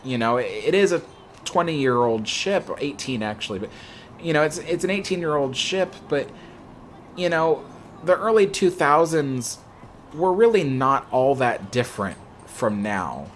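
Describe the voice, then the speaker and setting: A man's voice: fairly high pitch, animated, a little slow, a little hiss or hum. A young man hosting a livestream, chatting casually in a rambling way with lots of "you know" fillers. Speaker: livestream host. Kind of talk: casual chat answering viewer questions.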